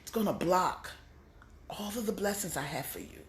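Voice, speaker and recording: A woman voicing a patient, loving God who gently teases a lazy listener. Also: lowish voice, lively intonation, normal speed, reverberant, close to an everyday voice. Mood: reassuring.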